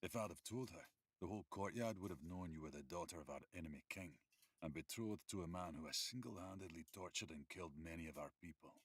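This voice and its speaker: An actor voicing a teasing, protective male wolf warrior in an audiobook, wry and calm. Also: low-pitched, quick pace, breathy edge, no echo, studio quality. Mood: grave. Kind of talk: audiobook character voice.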